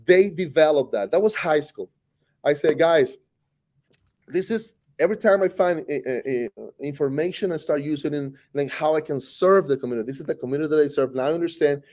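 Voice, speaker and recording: A man's voice: fairly high pitch, fast. A man in his forties from Costa Rica with a Costa Rican Spanish accent, a native Spanish speaker and teacher, talking in a casual interview, joking and often restarting his sentences. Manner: animated, joking, frequent restarts.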